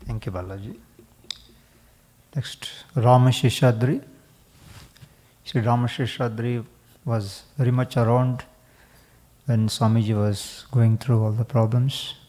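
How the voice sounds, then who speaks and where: A man's voice: mid-range voice, steady tone, a little slow, pauses often, mellow. A man acting as emcee, introducing the next speaker at a memorial.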